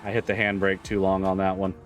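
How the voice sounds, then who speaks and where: A man's voice: deep voice, monotone, fast talker, soft background music. A man streaming a driving game live, chatting casually, swearing and repeating himself as he gets frustrated.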